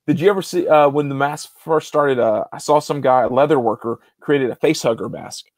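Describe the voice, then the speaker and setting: A man hosts a relaxed interview over a video call. He talks in a chatty way, often laughing and repeating himself. His voice sounds dry and close to the mic. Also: mid-range voice, fairly quick, no room sound. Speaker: interviewer and channel host. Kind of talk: casual interview chat.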